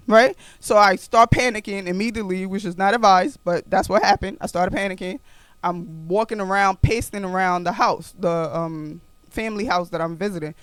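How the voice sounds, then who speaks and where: New woman podcasting, telling her story, lively and repeats stuff, dry close sound. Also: medium pitch, no room sound. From New York. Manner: animated, repeats phrases for emphasis. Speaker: podcast host.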